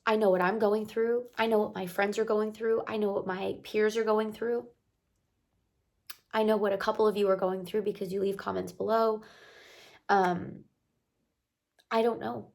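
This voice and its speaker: Hoarse woman vlogger with a gravelly voice. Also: mid-range voice, little pitch movement, normal speed, pauses often. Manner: chatty, warm-hearted encouragement with rambling asides. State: hoarse from crying. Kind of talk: casual motivational talk to camera.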